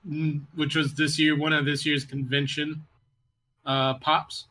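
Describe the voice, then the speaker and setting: Bright-voiced laid-back co-host man. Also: a little high, flat delivery, unhurried, slight background noise. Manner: laid-back, stammers and restarts. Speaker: podcast co-host. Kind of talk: casual podcast chat.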